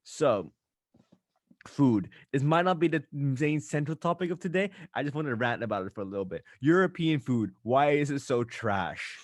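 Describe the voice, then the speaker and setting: A young man hosts a casual podcast and rants with lively, quick asides. His voice sits at an everyday middle pitch. It is recorded close and dry, with no room sound. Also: no echo. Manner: animated ranting, quick asides. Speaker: podcast host. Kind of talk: casual chat.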